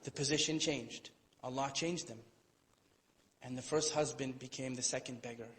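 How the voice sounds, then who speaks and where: A man's voice: mid-range voice, steady tone, normal speed, a bit bright. A man giving an Islamic lecture to an audience in a hall, telling a story conversationally with playful asides. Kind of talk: storytelling sermon. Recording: long hall reverb.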